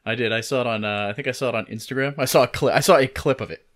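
A man's voice: mid-range voice, rapid-fire, fairly bright tone. A man co-hosting a podcast in casual chat, thinking aloud and rambling with lots of fillers. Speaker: podcast co-host.

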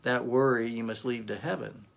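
A man doing a quiet, firm angel. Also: medium pitch, fairly even intonation, normal speed, creaky, close to an everyday voice. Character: calm, stern male angel gatekeeper.

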